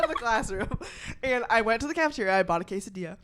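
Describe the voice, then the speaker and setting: A young woman in her twenties hosts a casual podcast conversation. She tells stories with animation and swears freely. Her quoted lines burst out loud and big. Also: a little high, quick pace. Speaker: podcast host. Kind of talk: casual chat.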